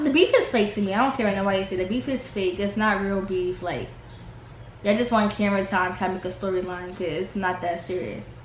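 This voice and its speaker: A young woman casually recapping a reality show episode, chatty and full of "like", sometimes mimicking the cast in a higher voice. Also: a bit bright. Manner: chatty, heavy use of "like", mimics cast members in higher pitch. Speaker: reality TV reviewer. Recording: echoey room with faint noise.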